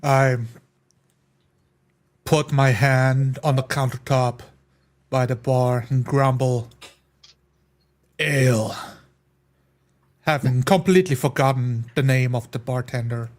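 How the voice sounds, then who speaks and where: A man describing his dwarf character's actions in a tabletop role-play, gruff and unhurried. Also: medium pitch, steady tone, darkish tone. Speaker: player.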